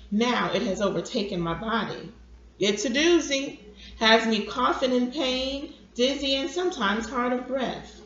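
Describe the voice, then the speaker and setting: A woman's voice: on the high side, fairly bright tone, a little hiss or hum. A frail old grandfather on his deathbed, patient and chuckling as he coaxes his grandson to open up, as a woman reads him aloud. The room sounds echoey and a little dull. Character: dying old grandfather, gentle and teasing. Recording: roomy, dull lo-fi recording.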